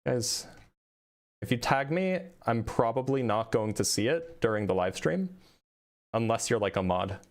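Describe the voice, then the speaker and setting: A man hosting a live stream who chats casually and jumps into questions quickly. His pitch sits in the middle of the range. He restarts sentences often and pokes fun at himself. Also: animated. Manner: quick, chatty, self-deprecating, restarts often. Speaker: debate stream host.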